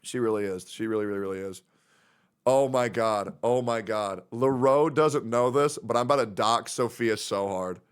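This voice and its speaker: With a smooth, medium-pitched voice at a moderate pace, a livestreamer chats casually with his audience. He wanders from topic to topic, curses without restraint, and grows visibly emotional reading friends' messages aloud.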